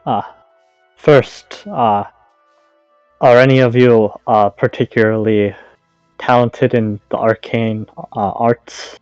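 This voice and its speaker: A man's voice: mid-range voice, steady tone, slow pace, darkish tone, clean tone, no echo, highs cut off, soft background music. A man playing a tabletop game who talks politely and hesitantly, with frequent fillers. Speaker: player. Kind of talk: tabletop role-play.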